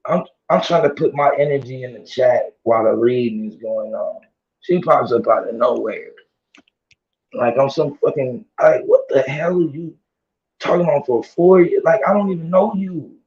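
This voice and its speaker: A man ranting casually to his audience in heavy slang, laughing and repeating himself, his voice strained from yelling. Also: medium pitch, normal speed, roomy sound. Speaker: vlogger. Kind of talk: casual rant to camera. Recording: dull lo-fi audio.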